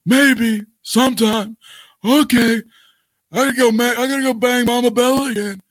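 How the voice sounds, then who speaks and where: A man's voice: very high-pitched, fairly even intonation, normal speed, no echo, voice pushed up. A man putting on a raised, falsely polite voice for a businesslike male executive. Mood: mock polite.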